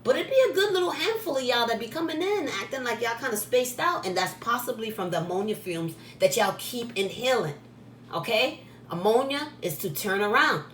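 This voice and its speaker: A woman's voice: on the high side, fairly bright tone. A woman who runs a spiritual supply shop, talking straight to camera in a blunt, scolding way and repeating herself for emphasis. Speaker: spiritual shop owner and channel host. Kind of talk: casual direct-to-camera vlog. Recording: echoey room, faint background noise.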